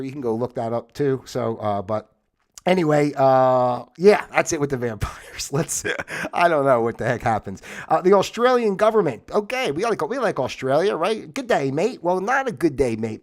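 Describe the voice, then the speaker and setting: A man from the United States hosting a livestream, reading fun facts aloud and rambling off into commentary, often stopping and restarting mid-sentence. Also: medium pitch. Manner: rambling, self-interrupting, stumbles over small words. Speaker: livestream host.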